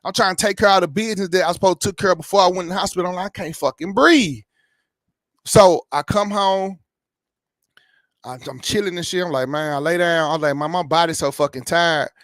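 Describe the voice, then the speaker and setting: A high-voiced man in his thirties, host of a YouTube reaction channel, gives a casual personal health update, talking fast in rambling, profane stories. He keeps asking "you know what I'm saying", and the studio-quality recording is dry.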